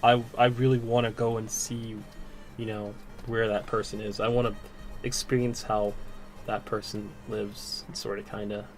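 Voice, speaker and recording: A man's voice: fairly low pitch, flat delivery, normal speed, soft background music. A man hosting a livestream, chatting in a friendly way, laughing often and repeating himself. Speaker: livestream host. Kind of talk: casual livestream chat.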